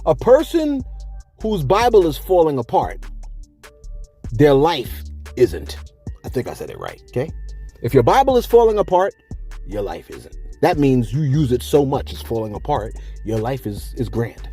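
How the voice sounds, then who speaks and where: A man's voice: medium pitch, moderate pace, slightly rough, faint music behind. A man doing casual vlog commentary, reading viewer comments and answering them, joking with himself and repeating his points for emphasis. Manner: animated, argues with himself, jokey asides.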